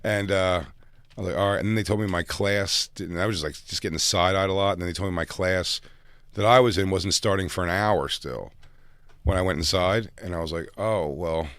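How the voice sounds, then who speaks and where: A middle-aged man telling a story in casual chat as podcast co-host, crude and joking with quick banter. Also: low-pitched, fairly bright tone, no echo, clean studio sound.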